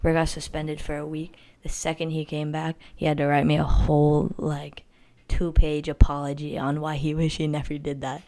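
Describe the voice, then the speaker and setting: A teenage girl spins a story-time tale in a low voice, rambling and stuffed with "like". She talks in a blunt, boastful way, with casual asides. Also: monotone, normal speed, dark tone. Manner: rambling, filler-heavy with constant "like".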